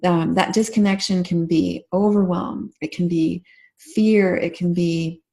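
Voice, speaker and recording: A woman with a low-set, gravelly voice talks as an interview guest. Her speech is gentle and halting, full of restarts and soft fillers. She slows down when she voices tender inner thoughts. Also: fairly even intonation. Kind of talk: reflective interview talk.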